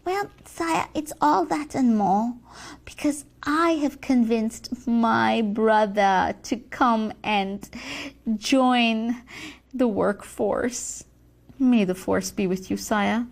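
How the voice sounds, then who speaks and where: A woman's voice: on the high side, slow, creaky. A woman playing a timid, bumbling junior devil in a comedy sketch, hesitant, stammering and whiny. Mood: proud.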